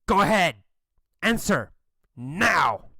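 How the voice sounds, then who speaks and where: A man's voice: sits high, very animated, takes it slowly, creaky, bright, forceful tone, slightly rough, no echo, full character voice. A man voicing a cruel, stern male English teacher in a spoken story for learners. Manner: stern, threatening.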